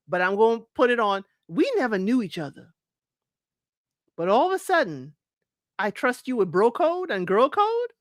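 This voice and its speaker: A woman with a fairly high, somewhat bright voice hosts a casual live recap, reading viewer comments aloud amid frequent laughter. The studio-quality recording has no room sound.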